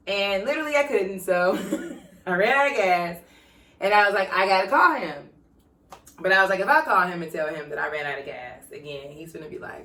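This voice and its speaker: A woman in her twenties co-hosts a podcast, brashly and profanely telling stories in casual chat and voicing the people in them. Her voice is on the low side, fairly quick, bright and forceful. The recording is roomy, with the mic at a distance.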